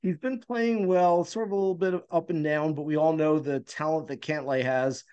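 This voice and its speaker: A man's voice: a little high, steady tone, normal speed, a little mellow, smooth, lo-fi sound. A man hosting a golf betting podcast, talking through his picks in an easygoing, conversational way with frequent "uh" fillers. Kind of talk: casual podcast talk giving betting picks.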